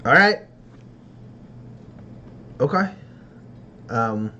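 A man's voice: medium pitch, normal speed, dull audio. A man narrating as game master in a casual tabletop game, rambling with many fillers. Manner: rambling, filler-heavy, laughs often.

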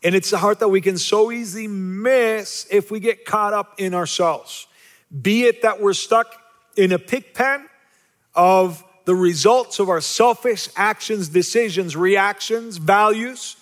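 Male pastor, high voice, emphatic and repetitive, light self-deprecating humor; long hall reverb. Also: a little slow, fairly bright tone. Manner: rhetorical questions to the congregation, repetitive emphasis. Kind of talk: sermon.

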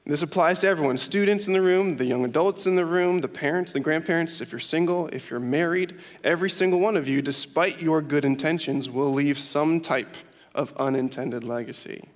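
Young man, youth pastor, sermon, storytelling with laughs, slightly high voice, long hall reverb. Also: a little fast. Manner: storytelling, laughs often, lively emphasis.

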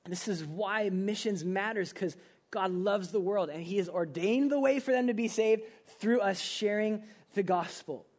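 Young male preacher with a high voice, earnest and casual, rising to loud pleas and dropping to hushed intensity. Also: normal speed. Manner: casual, uses many filler "like"s. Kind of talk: sermon.

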